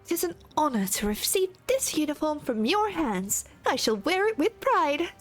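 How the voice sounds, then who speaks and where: An eager, earnest recruit played by a woman speaks in a put-on British accent. The phrasing is formal and old-fashioned, and the voice sits slightly high. Faint music plays under it. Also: big pitch swings, moderate pace.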